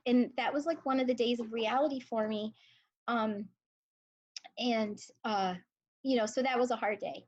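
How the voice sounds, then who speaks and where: Forties woman teacher, emotional and earnest, somewhat high, muffled lo-fi sound. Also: fairly even intonation, moderate pace, long pauses, darkish tone. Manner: emotional, earnest storyteller with many fillers. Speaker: high school English teacher, guest. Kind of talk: conversational interview.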